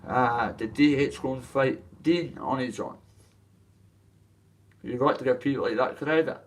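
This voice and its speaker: A man's voice: mid-range voice, unhurried, recorded from a distance. A man with a Dundee Scottish accent, ranting to camera about his boxing, in a coarse, rambling way with plenty of swearing. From Dundee, Scotland. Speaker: boxer telling his story. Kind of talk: casual rant to camera.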